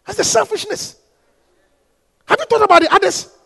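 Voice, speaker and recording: A man preaching a sermon as pastor, repeating phrases, calling out to the congregation and rising to impassioned shouts. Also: very high-pitched, normal speed, gravelly. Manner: repetitive, call-and-response preaching.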